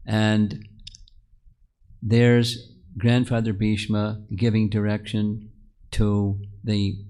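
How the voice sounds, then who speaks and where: Male spiritual teacher, lowish voice, narrates scripture stories to a group and asks them questions. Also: darkish tone. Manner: storytelling, asks the audience questions; restarts and repeats words often. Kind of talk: scripture class to a live group.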